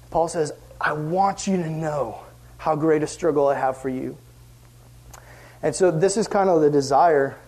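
Young male youth pastor, high-pitched, casual and energetic sermon. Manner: animated, acts out quoted voices.

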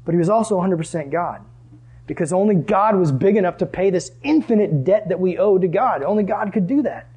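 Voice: medium pitch, expressive, fairly quick, mellow, husky. A Bible teacher leading a lesson for a group. They talk in a casual, conversational way and ask the listeners questions.

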